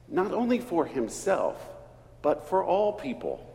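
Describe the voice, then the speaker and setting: A man's voice: huge pitch swings, creaky, warm tone. A middle-aged man from East Texas, preaching a storytelling sermon in a church. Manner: slow, storytelling delivery with wide swings in pitch and volume. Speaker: pastor. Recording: reverberant church hall.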